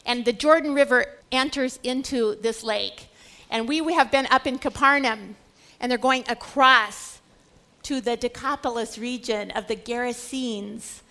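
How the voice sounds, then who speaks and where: Woman Bible teacher with a high voice, lecturing with expressive, dramatic storytelling.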